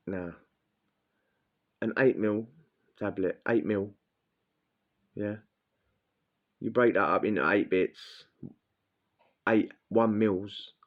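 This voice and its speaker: A man's voice: fairly low pitch, steady tone, slow, long pauses. A man telling a blunt, crude prison story in casual slang, acting out what people said. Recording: dull lo-fi sound.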